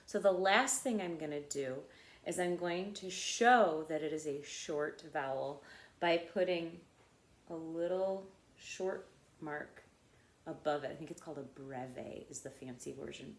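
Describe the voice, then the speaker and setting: Slow, patient woman teaching phonics. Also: low voice, echoey room. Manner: slow, patient, checks in with "okay?" and "right?". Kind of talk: phonics lesson for children.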